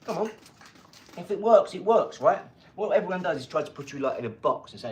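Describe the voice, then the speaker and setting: Energetic rambling man, fairly high voice. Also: a little fast, slight background noise. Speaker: livestream host. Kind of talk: casual live-stream chat. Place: home garage.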